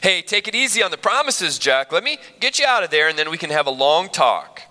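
A preacher voicing God, calm and firm. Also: male voice, fairly high pitch, fairly quick, long reverb tail, heavily acted. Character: calm, patient God speaking from above.

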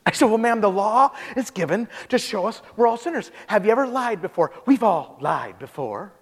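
High-voiced man preaching in a reverberant hall. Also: a little fast. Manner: animated storytelling, acts out quotes in character voices. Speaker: pastor. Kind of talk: sermon.

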